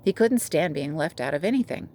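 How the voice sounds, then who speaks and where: A woman teacher reading a children's novel aloud to her class in a steady, gentle way. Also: low-pitched, brisk, slight background noise.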